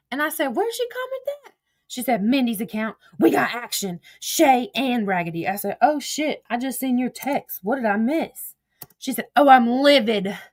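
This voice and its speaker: A woman casually retelling a text conversation, reading each message aloud as "I said, she said" and swearing freely. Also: sits high. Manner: swears freely, blunt and exasperated. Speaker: vlogger retelling online drama.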